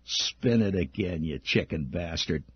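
A man's voice: sits low, lively intonation, measured pace, husky, no room sound, highs cut off, exaggerated voice. A man voicing a menacing, contemptuous schoolyard bully boy who snarls and barks insults. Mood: snarling menace.

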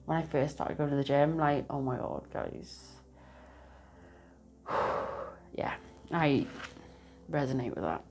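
A woman's voice: extremely low pitch, very animated, takes it slowly, vocal fry, pauses often, darkish tone. A woman giving a casual tarot reading to camera, chatty and rambling, laughing often. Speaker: tarot reader.

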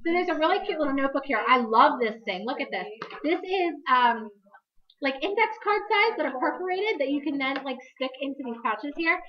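A woman's voice: high-pitched, animated, brisk, dull audio, a crowd in the background. A woman hosting a live crafting demonstration, chatty and upbeat, correcting herself as she goes, her voice a little worn. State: slightly losing her voice. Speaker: crafting demo host.

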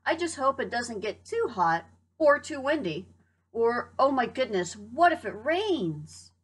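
Fretful storybook hen, high and alarmed, voiced by a woman reading aloud. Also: big pitch swings, unhurried, husky, heavily acted. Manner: high, worried exclamations. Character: anxious fretful female hen.

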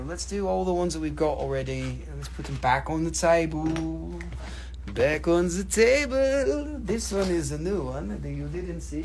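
A man sells crystals on a livestream in casual live-sale patter, joking, swearing, and rambling through the prices. His voice is a little high, and there's a slight hiss or hum.

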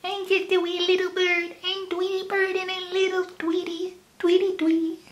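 A man voicing a tiny, sweet cartoon canary in a high, cooing baby-talk voice as a cartoon impression. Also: monotone, moderate pace, a bit bright. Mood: cutesy.

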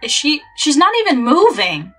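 Bright-voiced woman playing a game. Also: high voice, very animated, moderate pace. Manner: chatty, playful, exasperated asides. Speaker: gaming channel host. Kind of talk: let's play commentary. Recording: faint game music behind.

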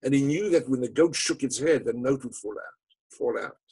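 Male lecturer-storyteller, husky voice, dramatic and emphatic, average pitch. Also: normal speed, poor audio. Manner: dramatic, emphatic storytelling with falling, hushed phrase endings. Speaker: speaker telling a story to an audience.

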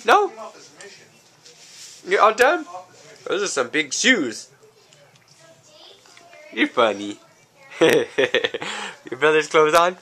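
A woman's voice: low-pitched, sing-song, extremely slow, pauses often, sharp tone. A woman filming at home, talking to a small child in a playful, coaxing, sing-song way. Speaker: parent filming her children. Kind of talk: playful baby talk with a toddler. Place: indoors in a living room.

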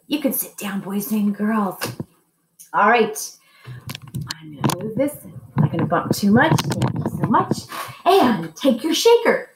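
A woman music teacher giving a lesson to young children, speaking slowly and patiently and chanting rhythm syllables. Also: mid-range voice, sing-song, reverberant, heavy background noise.

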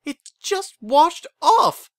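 A proud, refined young unicorn mare with a high, prim voice that wavers with nerves, as a man puts her on. The delivery stays dry and close, pitched well above the reader's natural voice. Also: big pitch swings, very slow, gravelly, a bit bright, no room sound, exaggerated voice. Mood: flustered.

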